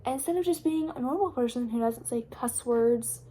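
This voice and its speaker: A woman's voice: fairly high pitch, a little fast, warm tone, slight background noise. Exasperated young woman ranting about books. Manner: exasperated, sarcastic, chatty with many fillers. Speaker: book vlogger. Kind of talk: casual ranting book review.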